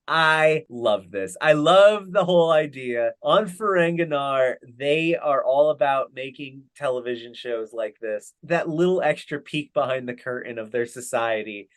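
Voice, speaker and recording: A man's voice: a little high, expressive, unhurried, hardly any pauses. A man co-hosting a podcast, recapping an episode with enthusiasm and laughing often. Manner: enthusiastic, laughs often while recounting scenes. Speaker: podcast co-host.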